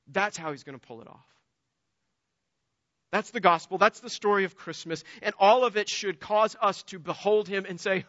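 Male pastor, high bright voice, impassioned sermon delivery, dry close sound. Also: normal speed, long pauses, no echo, lo-fi sound. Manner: impassioned preaching, rising to emphatic peaks.

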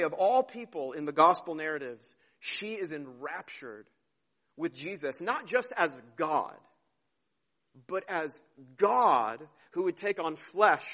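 A man preaching a sermon, earnest and heartfelt, dropping to a hush and then rising to emphasis, often repeating words as he goes. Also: a little high. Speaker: pastor.

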